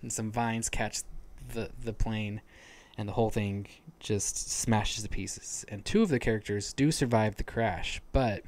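A man with a fairly low voice talks through a book's story in a relaxed podcast chat. He explains events step by step, often restarting his sentences and padding them with fillers. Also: unhurried, few pauses. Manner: retells plot at length with frequent restarts and fillers. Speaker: podcast co-host. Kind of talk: casual book discussion.

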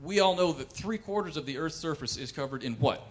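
A man performing wry, animated stand-up comedy on a cultural center stage. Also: fairly high pitch, a little fast. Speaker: comedian and pianist.

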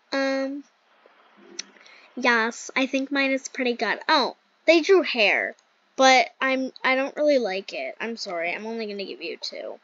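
A woman's voice: sits high, a bit bright, no room sound. A woman hosting a gaming channel, chatting casually and giggling through gameplay commentary with lots of "like" fillers. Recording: dull lo-fi dry sound.

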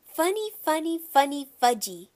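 Woman voicing a bratty toddler boy, pitched way up, babbling, storybook. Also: big pitch swings, normal speed, darkish tone. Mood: gleeful. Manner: babbling in short, grabby words. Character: small mischievous toddler boy.

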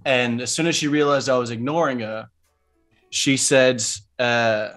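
A man chats as a podcast guest and tells a story at an average pitch. He often stops and restarts, with plenty of ums and uhs. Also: a bit bright, faint music behind. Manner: halting, many fillers and restarts. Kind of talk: casual chat, storytelling.

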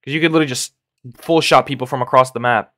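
A man's voice: mid-range voice, fairly even intonation, fast, pushed and bright, no room sound, studio quality. A young man streaming a game live, chatting casually and rambling, calling everyone "bro". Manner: rambling, slangy, says "bro" constantly, laughs often. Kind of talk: casual live gameplay chat.

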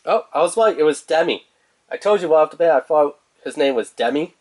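A man's voice: on the high side, animated, a little fast, a little mellow, no room sound. A young man casually reviewing toys, rambling and chatty and laughing at his own jokes. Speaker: toy reviewer.

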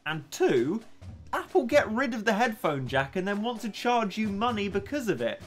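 A young man streams a game, chatting casually and ranting in a self-mocking way between reading out chat messages. His high voice has lively intonation and a moderate pace, with a somewhat bright tone. Soft music plays in the background of this casual live-stream chat.

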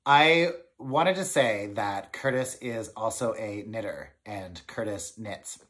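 A man hosting a knitting podcast, chatting casually to camera in an excitable, rambling way with many fillers. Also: on the low side, slow.

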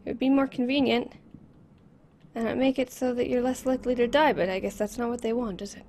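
Brief: woman, horror game let's play, jittery, repeats words, a bit high-pitched, close mic, faint room hum. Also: steady tone, brisk, darkish tone. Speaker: gameplay commentator. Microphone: close desk microphone.

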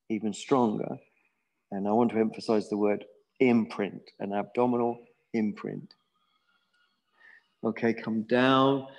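A middle-aged man with a relaxed, musing manner, leading a yoga class and drawing out words slowly. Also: mid-range voice, rough recording. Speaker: yoga teacher. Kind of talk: guided yoga class instruction.

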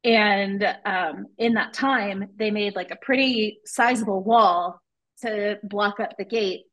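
A woman's voice: medium pitch, takes it slowly, fairly bright tone, rough recording. A woman co-hosting a podcast over a video call, chatting loosely as she recaps a book, with easy laughs and plenty of filler words. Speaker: podcast co-host. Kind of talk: casual chat recapping a book.

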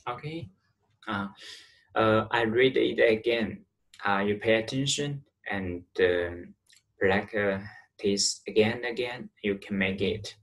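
A man with a Chinese accent teaches Chinese pronunciation, explaining haltingly with many fillers and drilling syllables aloud. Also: a bit bright. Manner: drills syllables in a higher, careful voice. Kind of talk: online language lesson.

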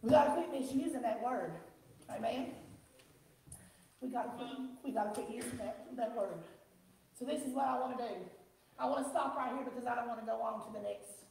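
A woman pastor from the American South with a country twang, preaching a sermon with call-and-response and rising shouts. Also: on the high side, brisk, gravelly, long pauses. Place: church sanctuary. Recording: echoey church from far off.

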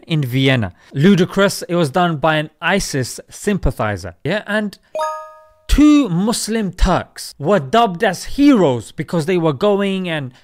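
A man hosting an opinion commentary, talking emphatically and firing off rhetorical questions. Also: a little high. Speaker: host.

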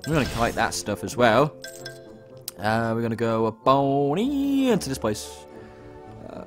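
A young man chats his way through a game, lively and expressive, his pitch bouncing freely. He reads on-screen lines aloud with playful outbursts. Soft game music plays underneath. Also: unhurried, pauses often. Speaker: let's play host. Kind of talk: casual gameplay commentary.

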